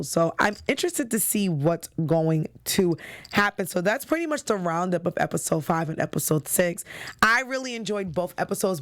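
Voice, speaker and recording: Host, woman from New York, enthusiastic casual chat, lots of fillers. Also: lowish voice. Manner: chatty, enthusiastic, with frequent fillers. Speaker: TV recap show host.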